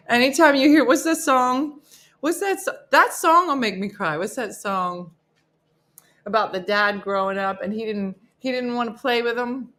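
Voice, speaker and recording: A woman's voice: mid-range voice, expressive, normal speed, fairly bright tone. A middle-aged woman hosting a casual live stream, chatting and joking as she reads out viewer comments. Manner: chatty and jokey, talks to her dogs and to commenters. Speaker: host of a morning live stream.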